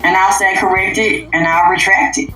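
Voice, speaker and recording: A woman hosting an unscripted livestream rant, profane and emphatic, dropping to low mutters and jumping up to loud outbursts. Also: steady tone, normal speed, reverberant, soft background music, low-quality recording. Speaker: livestream host.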